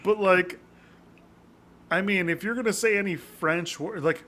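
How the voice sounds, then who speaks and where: A man's voice: high voice, unhurried, pushed and bright. A man co-hosting a podcast, chatting casually and rambling, with some swearing. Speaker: podcast co-host. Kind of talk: casual chat.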